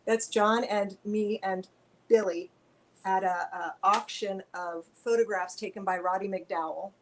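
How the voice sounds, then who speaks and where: A woman guest on a video-call Q&A, chatting in a lively, rambling way. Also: medium pitch, measured pace, a little hiss or hum, rough recording. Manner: chatty, animated, tangents.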